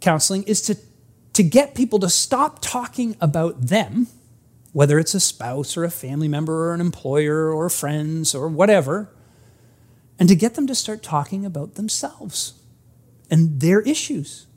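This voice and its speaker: Earnest pastor preaching with lively pitch. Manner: earnest, emphatic, acts out stories; frequent restarts, slows for emphasis. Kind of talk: sermon.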